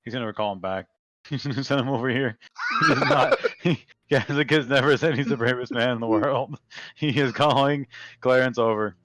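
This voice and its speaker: A man's voice: medium pitch, moderate pace, a bit bright, dry recording. Joking man playing a tabletop game. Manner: joking, teasing banter. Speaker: player.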